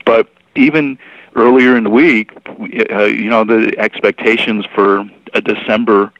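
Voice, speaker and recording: Low-voiced male guest on a dull line. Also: steady tone, fairly bright tone, no room sound. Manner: measured, wry, with frequent restarts. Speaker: guest analyst. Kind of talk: market commentary on a podcast. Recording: dull dry remote line.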